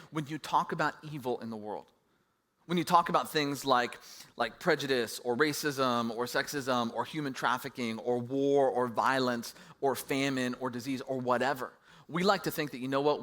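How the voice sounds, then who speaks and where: A man's voice: medium pitch, normal speed, fairly bright tone. A middle-aged man preaching a sermon as pastor, conversational and self-deprecating.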